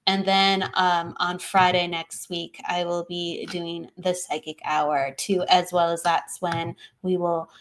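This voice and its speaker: A woman's voice: fairly low pitch, level tone, slow pace, hardly any pauses. A woman who works as a psychic medium, co-hosting a live-stream show in a casual, chatty way, now and then tripping over her words and laughing at herself.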